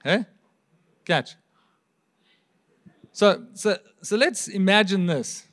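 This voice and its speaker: High-voiced pastor preaching conversationally. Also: male voice, animated, drawn-out words, fairly bright tone. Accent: South African. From South Africa. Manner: conversational preaching with rhetorical questions. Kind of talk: sermon. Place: church hall.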